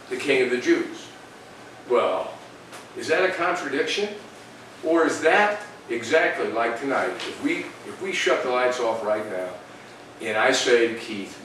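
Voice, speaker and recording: A man leads an informal Bible study, speaking conversationally and posing rhetorical questions. His voice is picked up from a distance in a very echoey room. Clear room noise sits behind him. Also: medium pitch. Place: indoor room with a group.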